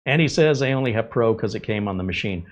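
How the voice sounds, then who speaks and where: A man's voice: on the low side, fast, muffled recording. A man hosting a live tech stream, answering viewer chat in a blunt, sarcastic way. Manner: blunt, sarcastic, lively asides. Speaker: tech show host.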